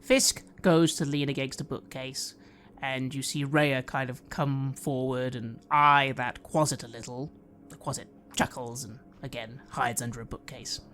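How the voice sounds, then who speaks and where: A game master narrating a fantasy tabletop game in a descriptive, unhurried way. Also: medium pitch, fairly even intonation, a bit bright.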